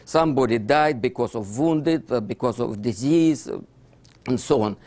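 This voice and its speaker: A man's voice: medium pitch, normal speed, a little mellow. A man with a Russian accent, Russian as his first language, giving a lecture over slides in broken English with many "you see" fillers. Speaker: author giving a book talk. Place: lecture hall.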